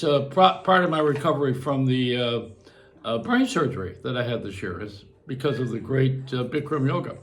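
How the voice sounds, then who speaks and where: A man's voice: on the high side, a bit bright. An older man hosting a show, rambling through a casual monologue, joking and laughing at himself. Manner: chatty, self-mocking, laughs at his own jokes. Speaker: radio and broadcast host.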